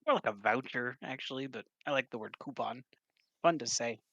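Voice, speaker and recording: A man's voice: mid-range voice, a little fast, fairly bright tone, no room sound, muffled recording. A man playing a tabletop game, joking in a wry, mock-formal manner. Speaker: player. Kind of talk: playful in-character banter. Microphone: online voice call.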